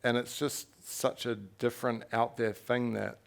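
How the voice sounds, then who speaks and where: A man's voice: medium pitch, little pitch movement, a little slow, vocal fry. A young man from New Zealand, an author speaking candidly on stage, telling his story frankly and animatedly, with laughter and the odd swear word. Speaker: author at a festival talk. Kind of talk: candid live conversation on stage.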